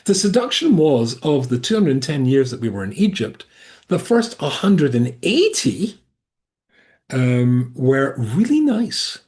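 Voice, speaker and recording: A man teaching a Torah class over a video call, his pitch rising and falling a lot as he talks. He wanders into asides and restarts his sentences, always animated. His voice sits at an ordinary middle pitch for a man. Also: unhurried.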